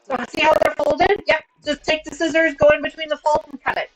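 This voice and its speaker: A woman's voice: sits high, little pitch movement, fairly quick, rough recording. A woman in her thirties hosting a casual sewing livestream from home, chatty and upbeat as she explains her work. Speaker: livestream host.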